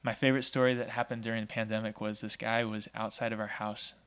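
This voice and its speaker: A man in his thirties, from Oregon, telling stories as a guest in a casual interview, talkative and energetic, with many fillers like "like" and "um". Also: fairly low pitch, fast talker, clear, resonant tone. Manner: energetic, talkative, acts out quoted voices; frequent fillers like "like" and "um". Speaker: podcast guest, small business owner.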